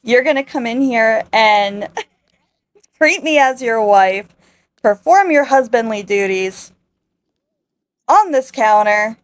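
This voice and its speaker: A woman's voice: on the high side, expressive, takes it slowly, long pauses, dry recording. Woman doing a bossy, demanding noblewoman. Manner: bossy and commanding.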